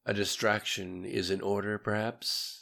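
A man voicing a calm, cryptic male overseer in an audiobook, measured and condescending. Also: on the low side, creaky, heavily acted. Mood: cool, knowing. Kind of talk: audiobook character reading.

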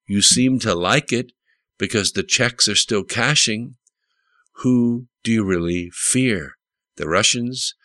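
Guy voicing a fed-up president pressing for answers, deep and slow. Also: animated, a bit bright, dry recording, studio quality. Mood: demanding. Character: frustrated male president, demanding answers.

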